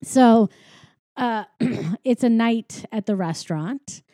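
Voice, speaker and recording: Mellow-voiced woman casually recapping a film. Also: on the high side, takes it slowly, no room sound, clean studio sound. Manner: rambling, filler-heavy storytelling.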